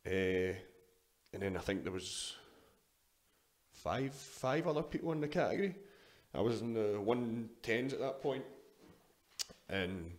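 A man's voice: on the low side, animated, unhurried, long pauses. A young adult man with a Scottish accent, telling stories as a guest in a casual interview, swearing freely and restarting his sentences. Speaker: guest, powerlifter.

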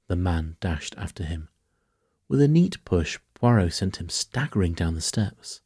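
A man reading a bedtime story as narrator, in a soft, even delivery. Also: deep voice, unhurried, breathy edge, dry recording, clean studio sound.

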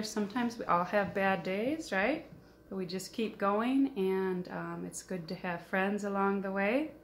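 A woman teacher reading a picture book aloud to her class and speaking to them afterwards in a gentle, encouraging way. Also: medium pitch. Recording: echoey room, faint noise.

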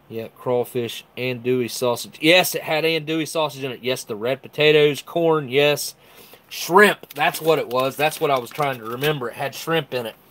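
A man's voice: medium pitch, fairly bright tone. A man hosting a live stream, chatting casually and reading out viewer comments. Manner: enthusiastic, chatty, reads viewer comments aloud. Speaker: host of a live ration review stream.

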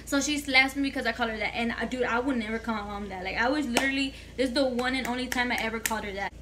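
A woman's voice: on the high side, rapid-fire, background noise. A young woman vlogger telling a casual storytime monologue, chatty and full of swearing, slipping in Spanish phrases.

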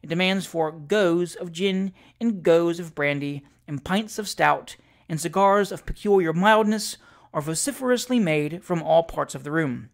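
An audiobook reader giving a measured, deliberate scripted narration of classic sketches. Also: medium pitch, gravelly.

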